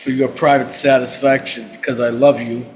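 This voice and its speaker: A man's voice: mid-range voice, little pitch movement, moderate pace, a little mellow, close to an everyday voice. A man playing a proud, commanding Roman ruler in an audio drama, speaking in a stately, declamatory way. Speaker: actor playing Caesar. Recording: dull lo-fi with faint noise.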